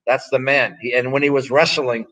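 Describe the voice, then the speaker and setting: A man's voice: medium pitch, steady tone, fairly quick, a bit bright, rough recording. Blunt, profane man in his sixties. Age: 60s. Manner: blunt, profane, rambling anecdotes. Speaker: interview guest, former strongman and pro wrestler. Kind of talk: casual storytelling interview.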